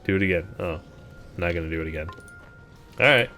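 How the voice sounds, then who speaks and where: Wry, deep-voiced game streamer. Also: male voice, a little fast, pushed and bright, soft background music. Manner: wry, sarcastic, laid-back. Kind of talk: casual gameplay commentary.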